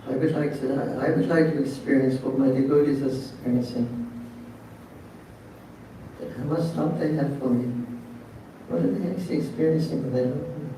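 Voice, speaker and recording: A man plays a curious, wondering young male god, speaking in a soft, mellow voice. The sound reaches the mic from afar in a strongly echoing hall. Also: mid-range voice, fairly even intonation, a little fast, slight background noise, close to an everyday voice. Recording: very echoey hall, distant mic.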